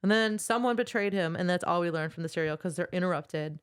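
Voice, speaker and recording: Low-voiced young woman recapping plot. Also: fast, clean tone, no room sound, clean studio sound. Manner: recaps plot in a relaxed, friendly way. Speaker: podcast co-host. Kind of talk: casual book chat.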